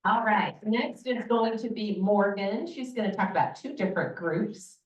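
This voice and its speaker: A woman moderating a community event, introducing the next speaker in a brisk, organizing way. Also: mid-range voice, a little hiss or hum. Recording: echoey room from far off, dull.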